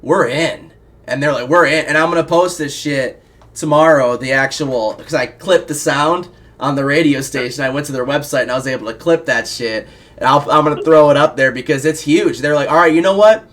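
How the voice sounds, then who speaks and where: A man from Iowa hosting a casual interview show, rambling excitedly and swearing a lot. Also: medium pitch, a little fast. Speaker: show host. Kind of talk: casual profane chat.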